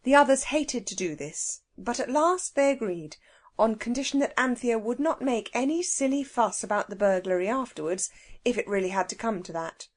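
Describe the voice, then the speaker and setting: A woman narrating a children's audiobook with an expressive, animated reading. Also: on the high side, moderate pace.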